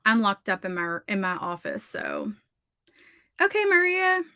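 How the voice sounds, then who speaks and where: A woman's voice: on the low side, wildly swooping pitch, moderate pace, pushed and bright, no echo, clean studio sound. A woman with a Southern accent hosting a livestream writing session, chatting casually and reading out viewer comments, gushing and saying "like" a lot. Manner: chatty, gushing, heavy use of "like". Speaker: livestream host of writing sprints. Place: her home office.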